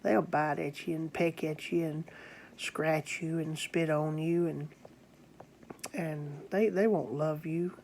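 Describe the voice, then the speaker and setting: A cruel little boy boasts in a matter-of-fact way about what he will do with his birds. A slow-spoken preacher tells him in a sermon. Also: mid-range voice, steady tone, creaky, darkish tone, a little hiss or hum. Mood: boastful.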